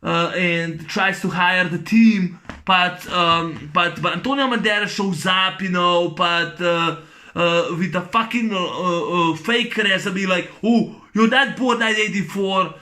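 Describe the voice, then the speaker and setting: A man's voice: sits high, slow, bright, forceful tone. A man with giving a profane, rambling movie rant, full of fillers and restarts. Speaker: movie reviewer.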